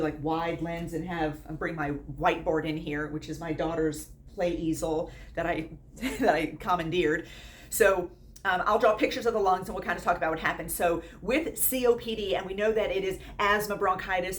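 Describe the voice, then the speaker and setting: A woman's voice: fairly low pitch, slight background noise. Blunt nursing teacher, a woman. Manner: blunt, lively, quotes students in put-on voices. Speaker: nursing instructor. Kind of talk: casual teaching talk.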